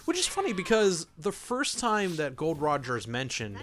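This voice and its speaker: Bright-voiced man rambling over gameplay. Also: fairly high pitch, huge pitch swings, normal speed. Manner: rambling, self-correcting, laughs often. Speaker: let's play commentator. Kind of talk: casual gameplay commentary.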